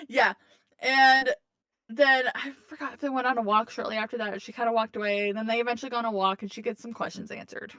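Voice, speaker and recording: A woman co-hosts a casual podcast, recapping a book in a chatty, profane way, laughing often and acting out characters' lines. Her slightly high voice is bright, forceful, clear and resonant, with fairly even intonation and a slightly fast pace, recorded with no echo.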